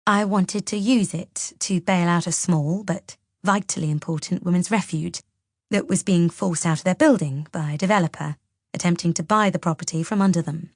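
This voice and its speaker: A woman voicing a composed older mother-in-law who explains herself in a measured, earnest way. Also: fairly low pitch, dry recording, clean studio sound.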